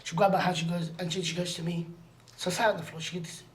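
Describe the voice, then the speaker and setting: A man shares a personal story on a podcast, earnest and full of slang, repeating phrases for emphasis and frequently sinking into a near-whisper. He talks fast in a high, flat voice over slight background noise.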